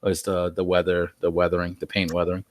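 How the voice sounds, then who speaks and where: A man with a lowish voice reviewing a toy figure on a collector show, easygoing and descriptive, filling pauses with "um". The recording is dry and close-miked. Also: completely flat delivery, no room sound. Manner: easygoing, descriptive, many fillers. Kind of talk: casual unboxing chat.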